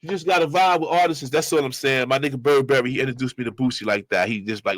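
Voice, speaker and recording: A man hosting his own show, giving loose, slangy street commentary and shout-outs. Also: mid-range voice, fast, few pauses, no room sound. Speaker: show host reacting to clips. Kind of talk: casual commentary.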